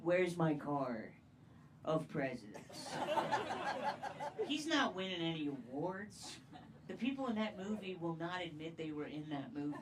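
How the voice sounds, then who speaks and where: A woman doing a stand-up comedy set, playful and crude, often jumping into loud impressions. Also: fairly low pitch. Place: comedy club stage. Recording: distant mic, loud crowd and noise.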